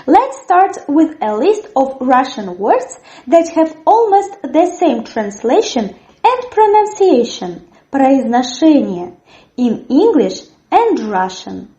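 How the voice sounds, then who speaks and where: A woman teaching a language lesson, sounding out words slowly and cheerfully so viewers can repeat after her. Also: high-pitched, sing-song, dark tone. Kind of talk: slow, clear language lesson. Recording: echoey room, dull lo-fi sound.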